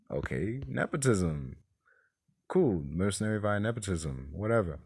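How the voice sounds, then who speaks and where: A man hosts his own podcast and talks through a movie review in a loose, rambling way. He sounds exasperated. His voice sits somewhat low. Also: lively intonation, fairly quick, a little mellow. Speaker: podcast host.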